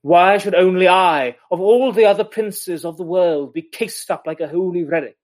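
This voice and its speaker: A man reading aloud the lines of a defiant noble duchess in a measured, slightly raised declaiming voice. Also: high voice, a little mellow, voice pushed up, natural voice.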